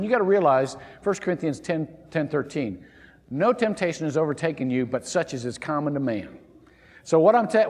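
A man preaching a sermon in a church, animated and conversational, often restarting his phrases. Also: on the high side, big-room sound. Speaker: pastor. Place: church sanctuary.

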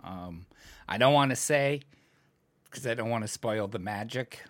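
A co-host from New England telling excitable stories in a casual chat, laughing and shouting out the punchlines. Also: mid-range voice, unhurried, no echo.

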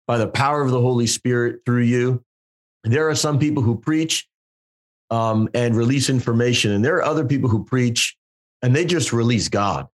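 A male podcast host who speaks in a pastoral, affirming way. He frames long questions for his guest and praises him before asking. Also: mid-range voice. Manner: warm, affirming, asks long framing questions.

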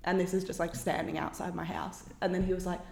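A young woman co-hosting a casual chat, telling stories in an animated, giggly way and acting out what people said. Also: fairly low pitch, fast talker, gravelly. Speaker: podcast co-host. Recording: roomy echo with long reverb.

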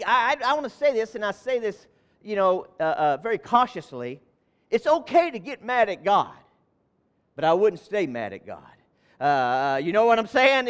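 A man preaching a sermon as pastor, repeating phrases and swinging between loud calls and quiet stretches, with fervent exclamations. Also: very high-pitched. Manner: moves around while preaching.

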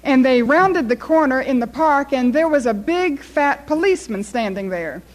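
Woman preacher, high voice, lively sermon storyteller. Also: moderate pace, poor audio.

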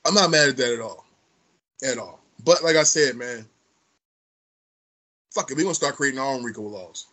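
A man's voice: mid-range voice, normal speed, pauses often, fairly bright tone. A man co-hosting a podcast, telling stories in blunt, profane casual chat. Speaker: podcast co-host.

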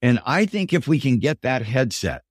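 An older man tells stories in an interview, acting out the dialogue of the people in them. His voice sits at a middle pitch, and the recording is dry and close with no room sound. He speaks as a professor and coach giving his answers. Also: normal speed, no echo. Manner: animated storyteller, voices quotes in dialogue. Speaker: guest, business professor and executive coach.

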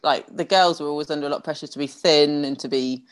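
A woman's voice: low-pitched, quick pace. A woman co-hosting a podcast, chatting in a giggly, self-deprecating way. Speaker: podcast co-host. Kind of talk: casual chat.

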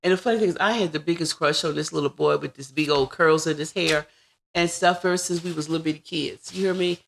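A woman in her forties, a podcast guest, telling personal stories in a casual, animated way and acting out what people said. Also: deep voice, fast, creaky. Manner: animated, acts out quoted dialogue. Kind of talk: casual interview storytelling.

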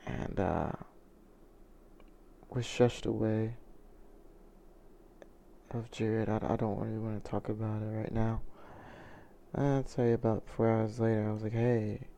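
A man's voice: fairly low pitch, steady tone, measured pace, vocal fry, long pauses, dark tone. A man telling a personal story in a confessional vlog, earnest and reflective, often restarting his sentences. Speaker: vlogger.

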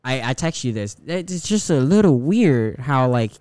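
A man's voice: mid-range voice, sing-song, measured pace, darkish tone, no room sound. A young man co-hosting a casual podcast, talking in a rambling, profane way with many restarts. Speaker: podcast co-host.

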